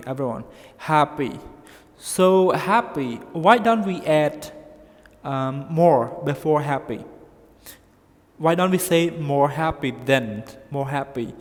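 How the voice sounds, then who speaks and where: A male English teacher with non-native English and frequent grammar slips, slowly explaining comparatives and checking in with "okay?" again and again. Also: on the high side, in a large hall. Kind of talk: recorded grammar lesson.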